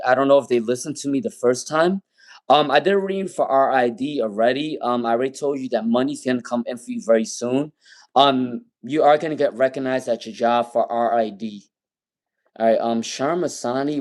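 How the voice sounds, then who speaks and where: A man doing live tarot readings on a stream, rambling and repeating viewers' names with many ums. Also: medium pitch. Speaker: tarot reader.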